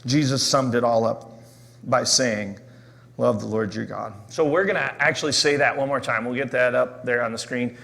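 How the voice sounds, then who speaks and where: A man's voice: mid-range voice, fairly even intonation, normal speed, creaky, fairly bright tone. A middle-aged man preaching a sermon in a loose, conversational way, often restarting and asking "right?". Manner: conversational, many fillers and restarts, asks "right?". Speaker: pastor.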